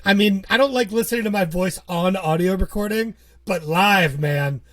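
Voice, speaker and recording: A man's voice: high voice, moderate pace, fairly bright tone. A man co-hosting a podcast, chatting casually, rambling and joking with frequent laughs. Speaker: podcast co-host. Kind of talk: casual chat.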